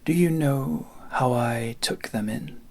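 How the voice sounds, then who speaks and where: A man's voice: medium pitch, slow pace, a little mellow. A man voicing a sick, ironic passenger who mocks and boasts. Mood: scornful. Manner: mocking, sardonic.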